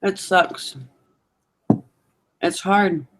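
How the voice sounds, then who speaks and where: A woman's voice: fairly low pitch, fairly even intonation, drawn-out words, noisy background. A young woman chatting candidly as host, often acting out what others said to her. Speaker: vlogger and host. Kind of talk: casual chat.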